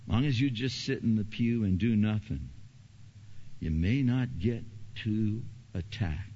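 A man preaching a sermon as pastor, emphatic and animated. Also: low-pitched, a little hiss or hum. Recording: dull lo-fi recording.

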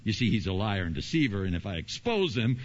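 A man preaching a sermon as pastor, emphatic and animated. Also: lowish voice, fast. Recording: dull lo-fi recording.

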